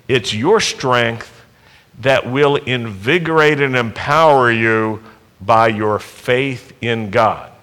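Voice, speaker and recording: Slow, bright-voiced male preacher. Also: mid-range voice, expressive. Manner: emphatic, building to loud exhortations; asks the congregation rhetorical questions. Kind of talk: sermon. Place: worship service.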